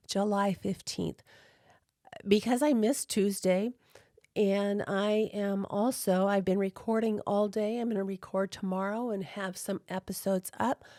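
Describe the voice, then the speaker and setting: A woman's voice: mid-range voice, a little mellow, no echo, studio quality. A woman hosting a game video in a chatty, rambling way, her voice still worn from a recent illness. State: recovering from illness. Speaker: host. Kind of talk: casual chat. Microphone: headphones with mic.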